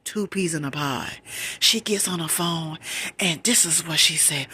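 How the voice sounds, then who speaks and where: A woman telling a true personal story in a soft-whispered ASMR storytime, her retelling rising in pitch with emotion. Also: moderate pace, slightly rough. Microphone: close phone mic.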